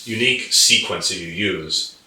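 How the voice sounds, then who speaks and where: A man's voice: low voice, moderate pace, pushed and bright, roomy sound, distant mic, rough recording. A man hosting an interview, often affirming his guest. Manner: affirming, frequent agreement. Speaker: host. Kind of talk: interview conversation.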